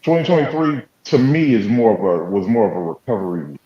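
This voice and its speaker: Low-voiced man in an echoey room. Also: sing-song, dark tone. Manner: reflective, halting, with many restarts. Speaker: radio show panelist. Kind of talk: casual radio talk show conversation. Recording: echoey, dull-sounding mic.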